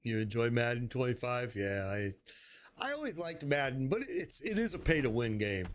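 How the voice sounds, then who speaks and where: A man's voice: medium pitch, sing-song, moderate pace. A man in his sixties, streaming a game and chatting casually, often chuckling and telling stories with playful quoted voices. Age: 60s. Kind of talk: casual chat while gaming.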